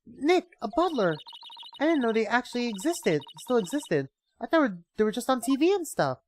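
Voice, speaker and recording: A woman voicing a bubbly young female spirit medium, excited and chirpy, while reading game dialogue aloud on a livestream. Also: fairly high pitch, moderate pace, a little hiss or hum, voice pushed up. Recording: game music playing behind.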